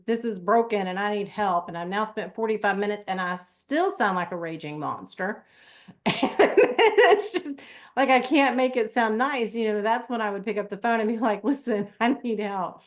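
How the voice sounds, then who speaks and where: A woman's voice: on the high side, a little fast, few pauses. Laughing woman hosting a podcast. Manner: laughs often, self-deprecating. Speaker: podcast host. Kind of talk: casual podcast conversation.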